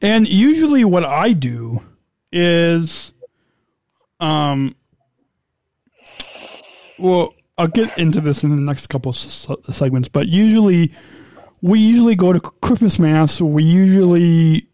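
A woman's voice: on the low side, expressive, takes it slowly, pauses often, dark tone, no room sound. A woman co-hosting a podcast in casual chat, rambling and tripping over her words. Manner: rambling, stumbling and repeating words. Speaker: podcast co-host.

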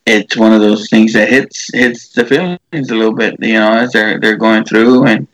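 A man's voice: on the low side, normal speed, a bit bright, dry recording, low-quality recording. A man casually retelling a movie scene, rambling with many fillers and restarts.

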